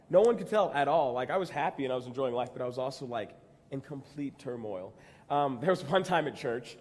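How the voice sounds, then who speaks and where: Animated young man telling stories in a hall. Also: medium pitch. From Texas. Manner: animated, self-mocking storytelling with laughs and acted quotes. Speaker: conference speaker. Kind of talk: personal story talk. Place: large convention hall. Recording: reverberant hall.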